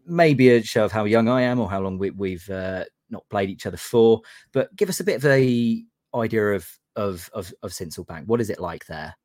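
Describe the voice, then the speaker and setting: Young man hosting a podcast, deep voice. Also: lively intonation, normal speed, few pauses, a little mellow, no echo, clean studio sound. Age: 20s. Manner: self-mocking, stumbles over names. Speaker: podcast host. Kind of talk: casual podcast chat.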